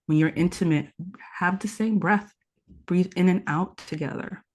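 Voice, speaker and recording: A woman's voice: lowish voice, normal speed, a little mellow. A woman guest on a podcast, teaching tantra practice in an earnest, instructive way and repeating her key points. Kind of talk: conversational podcast interview.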